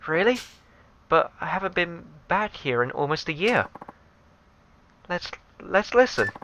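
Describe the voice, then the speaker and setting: Man reading a young woman, anxious, grieving, raised pitch, soft and hesitant, bright tone. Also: sing-song, a little slow, dull audio, slight background noise, exaggerated voice.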